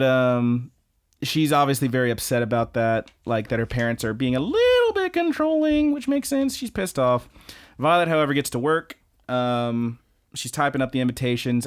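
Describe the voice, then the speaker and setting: A man's voice: medium pitch, lively intonation, normal speed, clean tone. Rambling, profane young man recapping. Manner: profane, rambling with many fillers. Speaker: podcast co-host. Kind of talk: casual recap chat.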